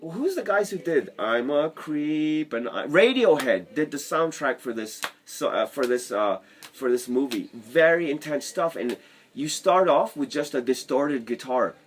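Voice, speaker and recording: A man's voice: on the high side, lively intonation, unhurried, slight background noise. A man giving a casual, rambling sales lesson to camera from his basement apartment and often drifting off on tangents. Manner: rambling, chatty, goes off on tangents. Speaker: sales trainer.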